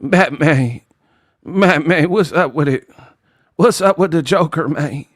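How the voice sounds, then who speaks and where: A slow, mumbling laid-back guy who drawls "man" at the end of every line, as a man puts him on for a bit. The voice sits soft and hushed, recorded dry and close. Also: on the high side, no echo. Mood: drawling.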